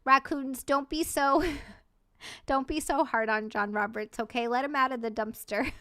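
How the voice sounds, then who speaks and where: A woman's voice: high-pitched, clear, resonant tone. A woman from Hawaii, a live streamer, chatting casually late at night, effusive and playful, rattling off thanks to her viewers. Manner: effusive, rapid shout-outs and playful asides.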